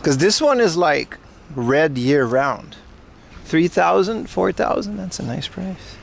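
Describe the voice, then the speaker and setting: A man's voice: a little high, lively intonation, slow, vocal fry, a little hiss or hum. A man chatting casually with his livestream viewers outdoors, rambling and joking playfully as he browses plants. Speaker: IRL livestreamer. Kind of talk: casual live-stream chat with viewers.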